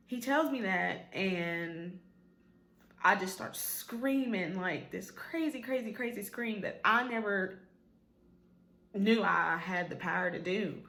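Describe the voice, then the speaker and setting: A woman's voice: mid-range voice, a bit bright, echoey room. A woman telling a personal story in a vlog, emotional, with many fillers, often quoting what others said. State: tearful at times. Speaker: vlogger.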